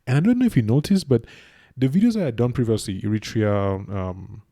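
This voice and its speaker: A man's voice: mid-range voice, expressive, fairly quick, dark tone. A man hosting a reaction channel, talking casually and earnestly straight to his viewers. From Cameroon. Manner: chatty, earnest, addresses viewers directly.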